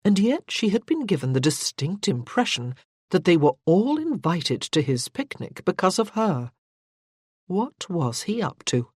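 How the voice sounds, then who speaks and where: An audiobook narrator reading a period romance in a measured, even storytelling voice. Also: mid-range voice, slightly rough, no room sound, studio quality. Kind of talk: scripted narration.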